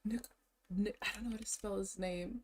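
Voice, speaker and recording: A woman's voice: medium pitch, quick pace, a little hiss or hum. Woman streamer rambling while she shops online, hyped, slangy, laughs a lot, kinda breathless. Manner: excitable, talks to herself, slangy, laughs often. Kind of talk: casual chat while browsing online.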